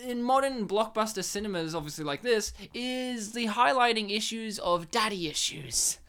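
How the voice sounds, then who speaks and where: A man's voice: high-pitched, expressive, moderate pace, bright, forceful tone, clear, resonant tone. A man co-hosting a casual movie commentary podcast, telling rambling anecdotes and laughing often. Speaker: podcast co-host.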